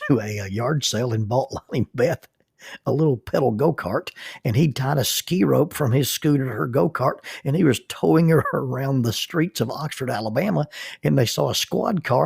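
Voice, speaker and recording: Middle-aged man, husky, dry close sound, humorous folksy storytelling, podcast host. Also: medium pitch, darkish tone, no echo.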